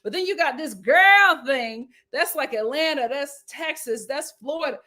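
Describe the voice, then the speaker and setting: Higher-voiced woman recapping reality TV. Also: expressive, moderate pace, pushed and bright. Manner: emphatic, repeats lines for effect. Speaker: reality show recap host. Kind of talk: casual commentary reading viewer comments.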